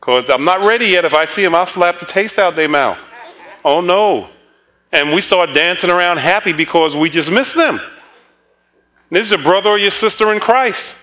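Male preacher, conversational sermon style, bright and slightly high voice, chuckles through stories. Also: expressive, moderate pace. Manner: storytelling, chuckling asides, repeats words.

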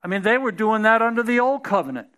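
High bright-voiced preacher man. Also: big pitch swings, fast talker, smooth. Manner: conversational, repeats and restarts, builds to emphatic shouts. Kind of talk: sermon.

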